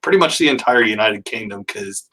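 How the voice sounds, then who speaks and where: A man's voice: on the low side, lively intonation, a little fast, bright, forceful tone. A man hosting a casual interview who talks in a chatty way and laughs easily. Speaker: interview host.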